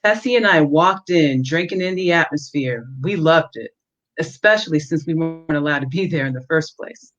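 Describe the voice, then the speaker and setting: A woman's voice: low voice, faint music behind. Woman author reading her novel aloud. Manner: measured, steady reading pace with a few fillers between excerpts. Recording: dull lo-fi stream audio.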